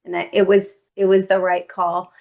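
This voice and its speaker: A woman guest on a podcast, telling a personal story in an animated way and acting out what others said. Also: fairly low pitch, moderate pace, creaky, dull audio.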